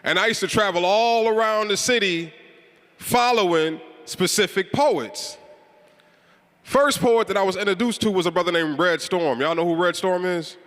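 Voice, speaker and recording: A man with a Chicago accent hosts a live assembly, pumping up the crowd with call-and-response shout-outs. His voice sits high and bright. It rings out through a large hall with a long echo. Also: normal speed. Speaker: event host. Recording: reverberant hall.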